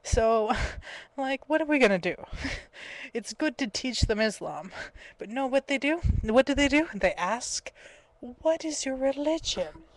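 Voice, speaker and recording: A woman's voice: high voice, animated, a little slow, dry recording. A woman in her twenties telling a story in a casual, exasperated webcam rant, often breaking into laughter. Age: 20s. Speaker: vlogger. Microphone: webcam mic.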